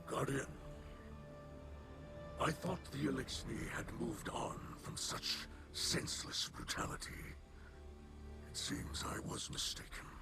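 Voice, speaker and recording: An actor playing a solemn male mentor character in a video game, speaking gravely with measured words. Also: mid-range voice. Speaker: in-game character addressing the Guardian. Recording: game audio played on stream with music.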